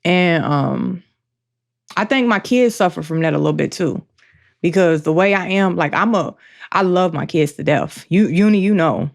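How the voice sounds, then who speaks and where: A woman co-hosting a podcast, speaking openly and emotionally in a slow, halting way. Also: on the low side, animated, vocal fry. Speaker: podcast co-host. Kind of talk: candid personal talk.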